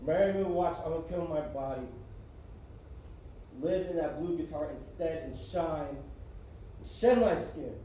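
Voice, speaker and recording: A man performing spoken-word poetry live, with rhythmic, repeating lines that jump between shouts and hushed passages. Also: on the high side, unhurried, long pauses, a little hiss or hum. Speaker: slam poet. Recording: very echoey room, voice heard from a distance.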